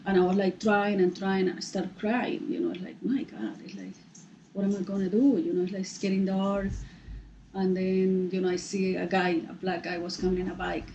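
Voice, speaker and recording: A woman's voice: mid-range voice, dull audio, a little hiss or hum. Colombian woman telling a story. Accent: Colombian Spanish. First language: Spanish. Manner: animated retelling, halting broken English with many restarts. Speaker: guest. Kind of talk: casual storytelling.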